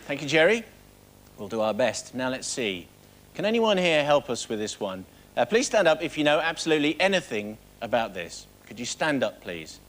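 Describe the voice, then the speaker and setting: With a medium-pitched voice that rises and falls sharply at a normal speed, an English game show host teases guests with mock-stern questioning. The TV studio's live audience creates heavy crowd noise.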